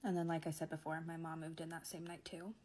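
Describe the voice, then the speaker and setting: A young woman telling a personal story in a soft, often near-whispered and emotional voice. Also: low voice, flat delivery, fast talker, a little hiss or hum.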